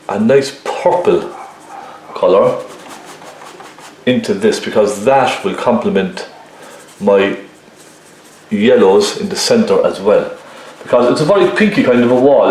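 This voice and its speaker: A man teaching painting keeps things relaxed, explaining each stage to viewers and regularly checking in while he works. The voice is lowish, with slight background noise and heavy room echo.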